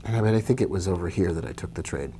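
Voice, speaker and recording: A man's voice: low-pitched, racing, warm tone. Chatty man hosting a live trading stream. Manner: casual, chatty, greets viewers by name. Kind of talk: live-stream commentary on charts.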